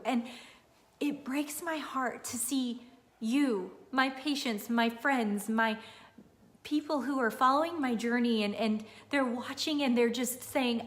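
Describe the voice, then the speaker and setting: A woman in her thirties, a nutritionist giving an earnest, emphatic motivational talk to viewers on a live stream and repeating phrases for emphasis. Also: fairly high pitch.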